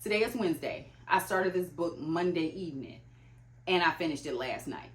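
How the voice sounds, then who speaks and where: A young woman book vlogger with a lowish, animated voice and moderate pace chats casually about books. She talks loosely, using lots of "like" fillers, in an echoey room.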